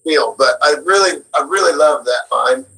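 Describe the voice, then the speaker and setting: Guest voice actor: bright, lively man, higher voice, storytelling, quick to laugh. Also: poor audio. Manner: animated storyteller, laughs often. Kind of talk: casual interview chat.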